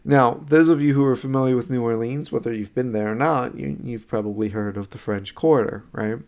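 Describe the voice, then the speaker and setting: A man's voice: mid-range voice, fairly quick, a little mellow. A man giving a recorded slideshow lecture on music history, conversational, with many fillers and restarts and frequent "right?" checks.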